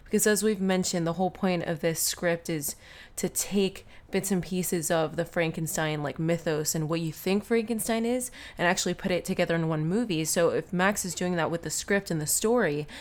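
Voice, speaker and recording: Woman, podcast co-host, casual chat, playful, thinking aloud, slightly low voice. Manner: playful, musing, hesitant with fillers.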